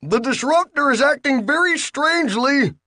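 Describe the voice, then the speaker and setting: Jumpy young hero with a shrill, pleading voice, put on by a man; dry recording. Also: sing-song, measured pace, no echo. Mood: anxious. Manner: high, anxious, pleading.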